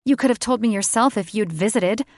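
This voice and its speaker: A woman's voice: a little high, brisk, no echo, studio quality, pitched above the performer's own voice, natural voice. A woman narrator voicing a defiant young siren witch in an audiobook. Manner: guarded, defiant.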